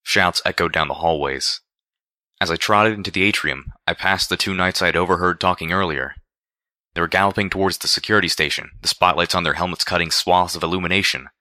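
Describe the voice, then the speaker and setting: Low, bright-toned male story narrator. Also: no room sound, clean studio sound. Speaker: audiobook narrator. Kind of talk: first-person story narration.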